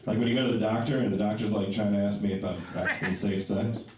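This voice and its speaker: A man's voice: fairly low pitch, fairly even intonation, fast, noisy background. A man doing a self-deprecating stand-up comedy set, chatting with the crowd in a small comedy club. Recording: echoey club, distant mic, audience.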